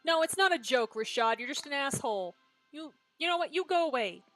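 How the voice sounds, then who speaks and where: A woman's voice: high-pitched, expressive, brisk, fairly bright tone, soft background music. A woman streaming a story game, reacting in blunt, sarcastic commentary and swearing freely.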